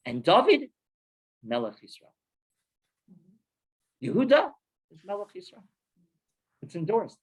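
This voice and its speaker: A rabbi leads a Torah class. He is animated, and his husky voice swings widely in pitch. He speaks in a synagogue and mixes Hebrew terms into his plain English teaching. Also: rough recording. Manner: animated, with many Hebrew terms and quick laughs. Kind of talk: lively Torah class lecture.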